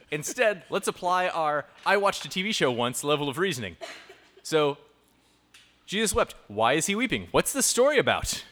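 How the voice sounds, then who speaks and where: Brief: male host, slightly high voice with a very animated pitch, playful and tangent-prone, giving a live youth talk. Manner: animated, joking, improvises tangents.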